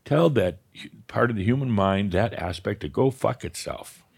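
A man with a lowish voice leads a live spiritual workshop, talking straight at a participant. He is blunt and profane, and he often breaks into laughter while coaching. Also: animated, moderate pace, creaky, a little mellow, slightly rough. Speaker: spiritual teacher leading a session. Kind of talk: live workshop talk with audience.

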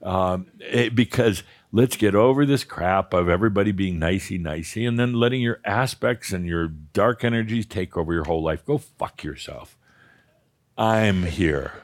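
Male spiritual teacher, lower voice, live workshop, blunt and profane, laughs often. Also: normal speed. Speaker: spiritual teacher leading a session. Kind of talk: live workshop talk with audience.

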